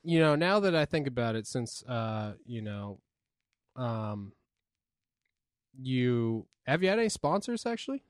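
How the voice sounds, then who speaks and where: A man's voice: medium pitch, big pitch swings, measured pace, long pauses, clean tone, no echo, clean studio sound. A man hosting a podcast, asking rambling, playful questions. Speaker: podcast host. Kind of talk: casual podcast chat.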